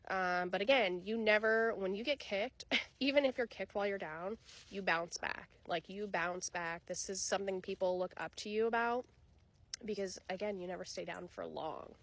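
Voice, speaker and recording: A woman's voice: mid-range voice, moderate pace, dry recording. Blunt, swearing woman tarot reader. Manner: casual, blunt, swears freely; animated, bursts of laughter and acted asides. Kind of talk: channeled tarot reading, addressing viewer.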